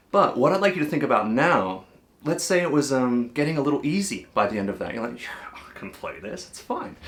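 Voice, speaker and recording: Man, cajon teacher, patient and encouraging, counts beats aloud, mid-pitched voice. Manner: patient, reassuring, counts and sings rhythms aloud. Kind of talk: relaxed, encouraging music lesson.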